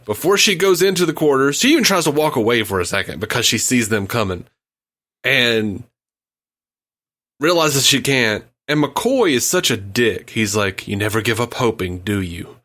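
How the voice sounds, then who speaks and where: A man co-hosting a podcast in casual chat, blunt and animated, laughing often. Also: mid-range voice, moderate pace. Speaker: podcast co-host.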